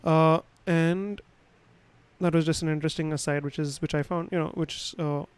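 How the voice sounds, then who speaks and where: A man's voice: a little high, steady tone, normal speed, clear, resonant tone, poor audio. A man teaching a livestream lesson on sound, explaining casually with many fillers and restarts, recorded at home on a studio microphone. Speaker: instructor. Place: his home room.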